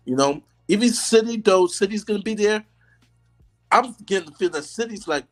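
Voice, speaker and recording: A man's voice: sits high, lively intonation, normal speed, fairly bright tone, soft background music. A man on a fan podcast panel, rambling and emphatic in casual chat.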